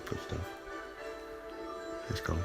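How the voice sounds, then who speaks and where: A man's voice: slow pace, over music. A man rambling and swearing in a late-night home monologue, often dropping into murmurs and whispers. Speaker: vlogger. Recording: noisy home recording.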